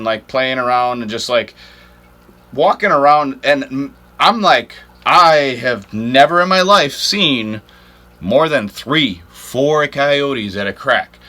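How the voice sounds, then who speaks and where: A man hosting an outdoors channel, telling a story to camera in a rambling, animated way, full of "like" fillers. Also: medium pitch. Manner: rambling, animated, heavy use of "like". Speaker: ice fishing channel host.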